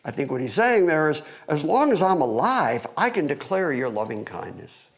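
A Bible teacher with a voice on the high side and big pitch swings works verse by verse through a psalm at a moderate pace. He is earnest and expository, pressing his points with emphatic rising questions, and makes a wry aside about holding the microphone.

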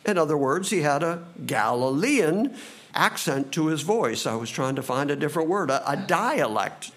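A man preaching a sermon, reading scripture slowly and dramatically, then speeding up for asides. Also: fairly high pitch, expressive. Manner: slow and dramatic, quickening in asides.

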